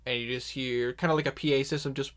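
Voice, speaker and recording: A man's voice: medium pitch, fairly even intonation, fast talker, a bit bright. A man narrating a tabletop game as game master, rambling with frequent restarts.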